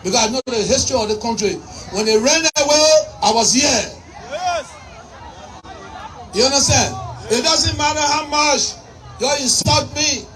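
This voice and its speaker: A woman with a Liberian English accent giving a fiery campaign speech, shouting and firing off repeated rhetorical questions. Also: high voice, normal speed, long pauses. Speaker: politician. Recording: distant mic with faint crowd and noise.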